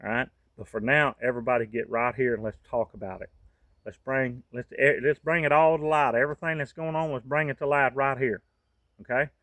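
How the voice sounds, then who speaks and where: A man's voice: mid-range voice, fairly even intonation, a little fast, fairly bright tone, no echo. A man, from the United States, giving a fervent, folksy monologue to camera as a vlogger.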